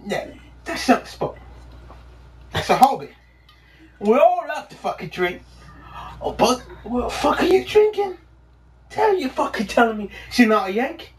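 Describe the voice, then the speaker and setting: A drunk woman bantering crudely with friends, swearing and putting on British slang. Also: on the high side. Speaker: friend joking at a party. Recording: distant home-camera audio with faint hiss.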